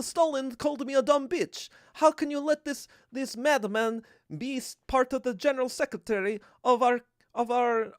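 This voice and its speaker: A man's voice: dry recording, studio quality. A man voicing a whiny, complaining wife who begs her husband to defend her. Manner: shrill, whining.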